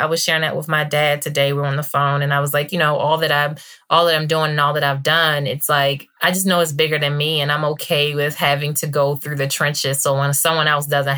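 A woman from Baltimore, a journalist, answering interview questions in expressive, animated storytelling. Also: deep voice. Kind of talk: conversational interview.

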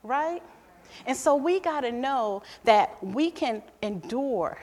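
A middle-aged woman preaching a sermon and telling a personal story, swinging between loud emphatic bursts and hushed, quiet passages. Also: high-pitched, lively intonation, takes it slowly. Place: church hall. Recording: long hall reverb in a church.

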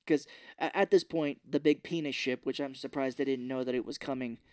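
A man's voice: mid-range voice, steady tone, brisk, darkish tone, no echo, studio quality. A man co-hosting a podcast, recapping a film in a rambling, jokey way. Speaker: podcast co-host. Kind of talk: casual film recap chat.

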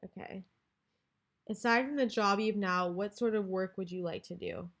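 A woman's voice: medium pitch, fairly bright tone. A young woman co-hosting a podcast, reading out questions and chatting casually. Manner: reads out questions, brisk and friendly. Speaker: podcast co-host. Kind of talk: casual chat.

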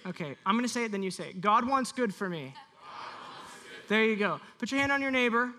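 A pastor preaching to a church congregation, animated and leading the room in call-and-response. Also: medium pitch, brisk, slight background noise. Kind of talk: sermon.

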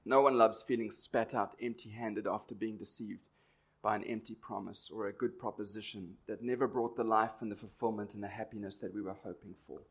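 A man's voice: lowish voice, steady tone, fairly quick, husky. A man from Durban preaching a sermon, telling stories and asking rhetorical questions in a conversational way. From Durban, South Africa.

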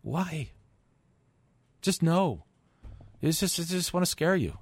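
A man's voice: on the high side, very animated, moderate pace, no echo. A middle-aged man hosting a finance radio show in a studio, talking emphatically with rhetorical questions and stumbling repeats. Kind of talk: call-in radio talk monologue.

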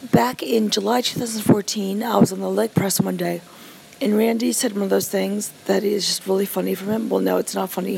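A woman's voice: medium pitch, creaky, a little mellow, slight background noise, rough recording. A woman who survived a stroke, casually telling a personal story with many asides and fillers.

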